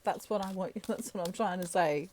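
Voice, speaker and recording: A woman's voice: on the low side, moderate pace, a little mellow, a little hiss or hum. A woman chatting playfully through a tarot reading, laughing often as she talks. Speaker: tarot reader. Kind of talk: casual tarot reading monologue.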